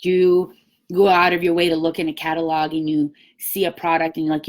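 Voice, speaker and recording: Woman doing a live coaching stream, lowish voice, upbeat and pushy, acts out convos with customers. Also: monotone, brisk. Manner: upbeat and emphatic, acts out quoted chats. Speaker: direct sales team leader. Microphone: webcam or phone, live stream.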